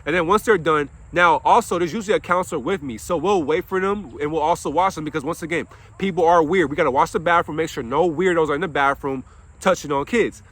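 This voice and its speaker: A man's voice: a little high, fast, fairly bright tone. A young man, an after-school counselor, delivering an impassioned monologue, preaching and swearing, asking himself questions and answering them. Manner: swears while venting.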